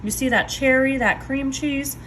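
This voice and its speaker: A woman, showing desserts in her home kitchen in a chatty, excitable way, talking to viewers. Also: high-pitched, normal speed, slight background noise. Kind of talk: casual cooking video. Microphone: phone.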